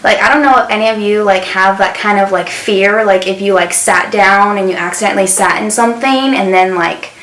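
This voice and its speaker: A woman's voice: medium pitch, fairly quick, hardly any pauses, a bit bright. A young woman vlogger telling a story casually, chatty and full of fillers. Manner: chatty, many fillers, acts out quotes. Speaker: beauty vlogger. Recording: roomy echo.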